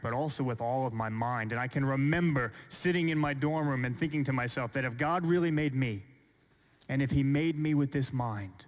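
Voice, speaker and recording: Giving a Christian apologetics talk to an audience, a man with a medium-pitched voice speaks earnestly and deliberately. He builds up rhetorical questions and slows down for emphasis.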